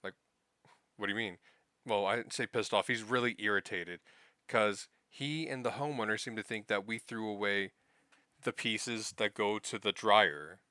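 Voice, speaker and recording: A young man spins a rambling, profanity-laced story about his week at work, now and then acting out what other people said. His voice is bright and crisp, and the recording is dry and close. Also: lowish voice, dry recording. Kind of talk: casual spoken anecdote.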